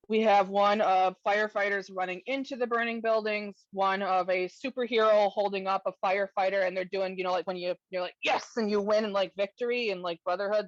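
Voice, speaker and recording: A woman's voice: medium pitch, dry recording, highs cut off. A woman co-hosting a comics podcast, chatting casually and emotionally, with many fillers. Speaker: podcast co-host reviewing comics.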